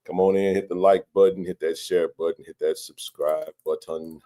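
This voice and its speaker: A man's voice: sits low, little pitch movement, moderate pace, dark tone. A man hosting a live sports chat stream, joking loosely and greeting viewers by name.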